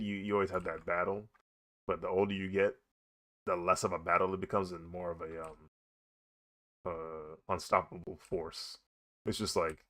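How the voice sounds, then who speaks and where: A young man chatting casually while he draws, animated and laughing often as he talks. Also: sits low. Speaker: artist vlogger. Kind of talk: casual chat while drawing.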